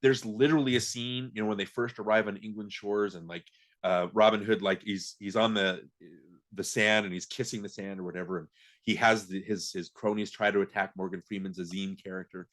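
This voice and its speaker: A man's voice: fairly low pitch, fairly even intonation, fairly quick, a bit bright. A man co-hosting a podcast, chatting casually about films in a rambling way, often restarting his sentences. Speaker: podcast co-host. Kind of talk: casual film chat.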